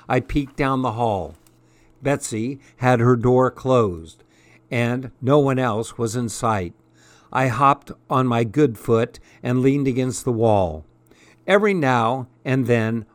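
Man, audiobook narrator, slow unhurried pace, dry close recording, expressive storytelling. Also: mid-range voice, no room sound. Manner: measured, expressive first-person storytelling.

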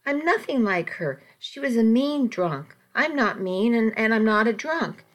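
A woman's voice: fairly high pitch, lively intonation, measured pace. A bitter, defiant woman who drinks too much, as a woman reader plays her in a storybook reading. She talks with a raised, wounded edge, pushing back at everyone. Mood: defiant, furious. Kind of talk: audiobook reading.

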